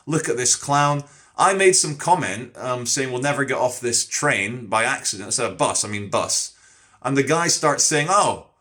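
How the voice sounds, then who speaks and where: An English man telling street stories to camera in a casual, animated monologue, swearing freely. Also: mid-range voice. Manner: animated storyteller who swears a lot. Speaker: street streamer.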